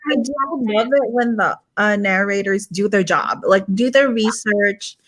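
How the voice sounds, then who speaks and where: Relaxed hesitant woman chatting. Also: mid-range voice, unhurried. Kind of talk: casual group chat.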